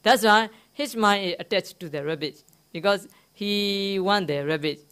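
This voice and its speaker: Monk giving a dharma talk; a slow, unhurried man with a smooth voice, broken English, questions the room. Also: high voice, pushed and bright. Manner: simple broken English, often asks the listeners questions; tells a teaching story, repeating key words. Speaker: Buddhist monk teaching meditation. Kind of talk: dharma talk to a live audience. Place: meditation centre hall.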